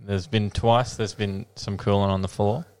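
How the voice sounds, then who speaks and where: A man's voice: fairly low pitch, fairly even intonation, normal speed, a little mellow, clean tone. An Australian man co-hosting a casual live stream, dry and brief, reading out viewer comments and greetings. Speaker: co-host.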